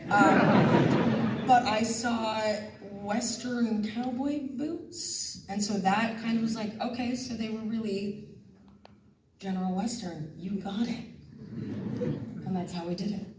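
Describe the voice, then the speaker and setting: A woman's voice: fairly high pitch, slow pace. A woman animatedly telling a story as a voice actress on a panel, quoting herself. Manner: animated, excited, quotes herself. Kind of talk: casual storytelling on stage. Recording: echoey hall, distant mic, noise.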